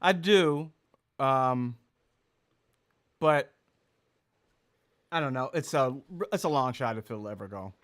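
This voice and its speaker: A man's voice: medium pitch, slow, pauses often. A male comedian in casual podcast chat, telling stories with lots of laughter. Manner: animated, laughs through his stories.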